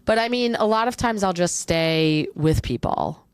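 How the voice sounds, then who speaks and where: A woman comedian in casual podcast chat, laid-back and quick to agree. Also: lowish voice, expressive, smooth, no room sound. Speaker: comedian guest.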